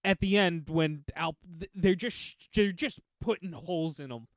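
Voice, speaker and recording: Young male co-host, high-pitched, lively, laughs a lot, does quick voices. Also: no room sound, clean studio sound. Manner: animated, laughs often, breaks into impressions. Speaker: podcast co-host. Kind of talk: casual chat.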